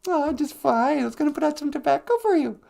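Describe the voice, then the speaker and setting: A woman's voice: sits high, fast talker, vocal fry, dark tone. A woman hosting a comic live-stream chat, mock-earnest and sarcastic, saying solemn-sounding mock prayers. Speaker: host.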